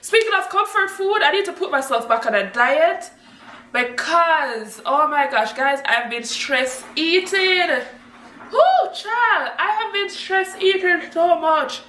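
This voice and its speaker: A woman from Jamaica talks casually to her viewers from home, laughing easily. Her voice sits high and sounds bright, and she swoops up high when she gets excited. She is recorded a little away from the mic in an echoey room. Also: unhurried, far from the mic. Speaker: vlogger. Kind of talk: casual chat to camera.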